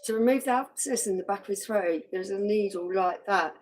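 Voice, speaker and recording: A woman chats casually with her co-host on a live stream from home. She giggles often. Her sentences often trail off softly at the end. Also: medium pitch, brisk. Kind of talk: casual chat.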